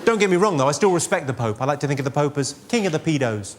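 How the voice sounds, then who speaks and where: A man doing stand-up comedy on stage, firing off deadpan one-liners and teasing audience members in a large theatre. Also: on the high side, very fast. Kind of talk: stand-up comedy roast with crowd work. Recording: loud laughing crowd, live noise.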